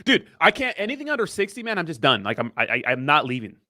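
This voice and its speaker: A man's voice: a little high, huge pitch swings, fast talker, pushed and bright, dry recording, studio quality. A young man co-hosting a casual livestream, rambling through fillers and laughing often. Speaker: co-host of crypto livestream.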